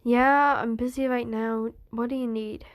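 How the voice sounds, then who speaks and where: A woman's voice: a little high, steady tone, measured pace, dry recording, studio quality, natural voice. Woman doing a curt, busy middle-aged man.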